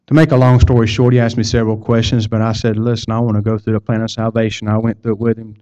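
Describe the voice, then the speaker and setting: A man's voice: on the low side, flat delivery, normal speed, mellow. A man preaching a sermon, telling a personal story in a folksy way and repeating words as he goes. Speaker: pastor. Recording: dull lo-fi sound.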